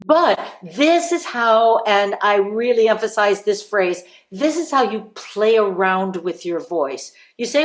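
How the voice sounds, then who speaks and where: A woman's voice: mid-range voice, expressive, measured pace, hardly any pauses, roomy sound. A woman voice teacher coaching students through vowel exercises, encouraging them and singing examples. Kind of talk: live group voice lesson.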